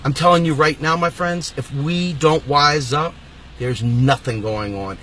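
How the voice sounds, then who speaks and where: A man hosting his own political channel, delivering an angry, emphatic rant and sometimes shouting. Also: a little high, a little slow, a little hiss or hum. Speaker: host of a political video channel. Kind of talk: impassioned political rant to camera.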